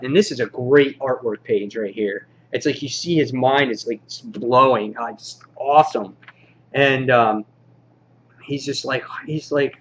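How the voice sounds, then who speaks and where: A man's voice: mid-range voice, normal speed, a bit bright, lo-fi sound. A man casually reviewing comic books for a weekly countdown video, enthusiastic and rambling, with lots of fillers. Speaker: comic book vlogger.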